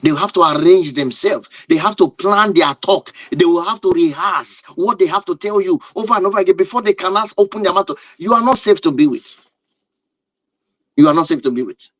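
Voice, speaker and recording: A man gives a relationship talk in a fairly high voice, driving home each point with repetition and asking "you understand?" He stays emphatic and direct, and the sound is close and dry with no room echo. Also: a little fast, fairly bright tone. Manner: emphatic and repetitive, asks rhetorical questions. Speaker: relationship teacher. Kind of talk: lecture-style talk to viewers.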